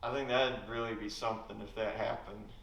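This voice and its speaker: A young man doing a deadpan, low-key stand-up set at an open mic in a campus lecture hall. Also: a little fast, gravelly. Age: young adult. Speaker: stand-up comedian. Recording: echoey hall, distant mic, faint hiss.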